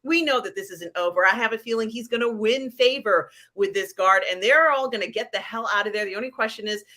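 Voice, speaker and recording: A woman's voice: on the high side, fairly quick, pushed and bright. A woman hosting a casual live pop culture chat, rambling with lots of fillers and giggles. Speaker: host.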